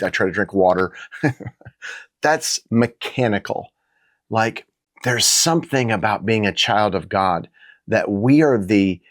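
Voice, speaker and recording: Deep-voiced earnest man, dry close sound. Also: no room sound. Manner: halting, earnest, many restarts and fillers. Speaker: Christian minister. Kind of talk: casual reflective talk.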